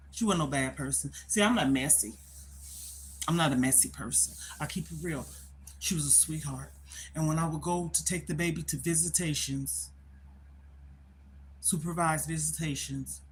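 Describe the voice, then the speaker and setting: A woman's voice: low voice, slight background noise. Chatty older woman telling a story. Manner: emphatic, repetitive, conversational. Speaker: livestream host. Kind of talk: casual livestream storytelling.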